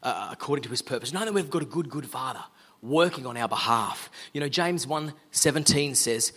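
A man's voice: medium pitch, expressive, brisk, fairly bright tone, husky. A middle-aged Australian man giving an earnest, conversational sermon-style talk as a guest speaker. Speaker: guest speaker, law firm owner.

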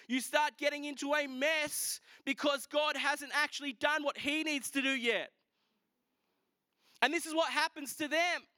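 A man preaching a sermon, retelling a scripture story in a lively, casual way with asides to the congregation. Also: very high-pitched, smooth, no echo. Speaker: pastor.

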